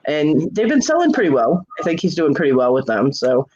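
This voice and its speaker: A woman co-host in casual chat, animated and quick to laugh. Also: sits low, slightly rough. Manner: animated storyteller, laughs often. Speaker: podcast co-host. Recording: dull lo-fi recording.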